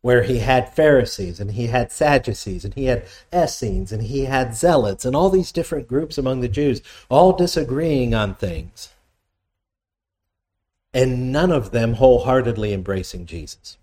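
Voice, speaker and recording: A man's voice: mid-range voice, moderate pace, darkish tone. Male pastor, conversational sermon delivery, reads verses aloud then explains them, asks the congregation questions.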